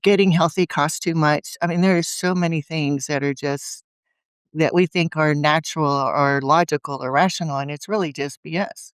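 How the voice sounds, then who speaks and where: A woman's voice: low-pitched, fairly even intonation, normal speed, clear, resonant tone, no room sound. A woman guest in a conversational interview, telling earnest stories and acting out her own inner voice. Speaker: guest speaker.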